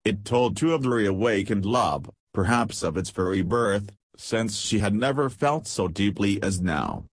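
Male narrator, husky voice, low pitch, dry close sound, steady audiobook reading. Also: measured pace, hardly any pauses, dry recording.

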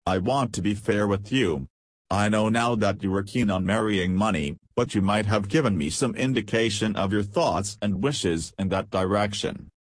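A man voicing a stern, fair-minded young army officer who speaks gravely and soberly in a storybook reading. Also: fairly low pitch, moderate pace, no room sound, natural voice.

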